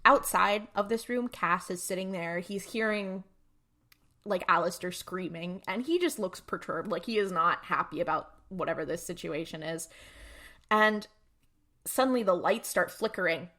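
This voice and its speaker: A woman's voice: fairly low pitch, moderate pace, sharp tone. A woman co-hosting a podcast, casually recapping an episode in a rambling way with lots of fillers. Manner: rambling, filler-heavy retelling. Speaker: podcast co-host.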